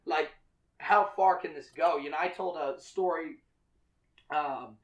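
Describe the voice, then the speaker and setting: A man's voice: fairly high pitch, measured pace, dull audio. A man hosting a casual drinking podcast, rambling, repeating his words and laughing often. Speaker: podcast host. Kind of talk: casual chat.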